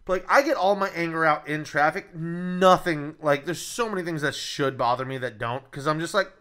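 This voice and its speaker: A man's voice: fairly high pitch, normal speed, a bit bright. A man co-hosting a podcast, bantering emphatically and swearing freely in casual chat. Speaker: podcast co-host.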